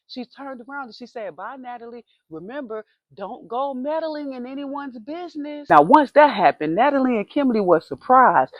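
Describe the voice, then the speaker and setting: A woman's voice: on the high side, no room sound, lo-fi sound. A woman telling a story in a casual, chatty, conversational way.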